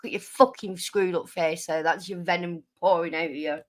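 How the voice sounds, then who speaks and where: A woman's voice: fairly low pitch, fairly even intonation, fairly quick. A woman hosts a livestream in a combative, sarcastic way, swearing at critics and thanking viewers between jabs. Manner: combative, sarcastic, reads super chats. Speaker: livestream host. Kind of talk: livestream commentary.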